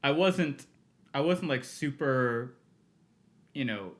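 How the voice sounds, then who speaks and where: A man in his thirties, a music producer guesting on a podcast, tells stories in a casual interview, laughing often and acting out quotes as an animated storyteller. His voice is medium in pitch, and he speaks at a slow pace.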